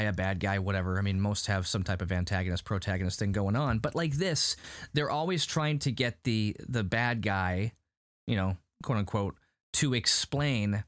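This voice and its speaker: Animated, rambling man recapping a show. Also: fairly low pitch, dry recording, studio quality. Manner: animated, rambling, heavy use of "like". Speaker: podcast host recapping a show. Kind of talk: casual chat.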